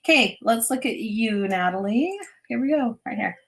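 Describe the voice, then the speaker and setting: A middle-aged woman hosting a live stream, chatting warmly and giving intuitive readings to viewers. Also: on the high side, expressive, moderate pace, creaky. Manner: bubbly, chatty, reads viewer comments aloud, laughs often. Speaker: intuitive reader and host.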